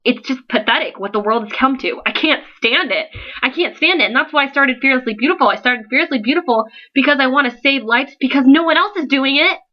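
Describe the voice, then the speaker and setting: Teen girl, high-pitched, worked-up vlog appeal, lo-fi webcam sound. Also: fast talker, few pauses. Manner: earnest and emotional, pleading and scolding by turns. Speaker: founder of an online support page. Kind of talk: impassioned vlog speech to followers.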